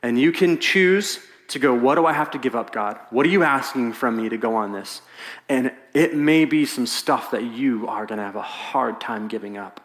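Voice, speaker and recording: Animated preacher in an echoey hall. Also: male voice, mid-range voice, normal speed. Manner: animated storytelling, acts out quoted voices. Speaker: pastor. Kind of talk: sermon. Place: large church hall.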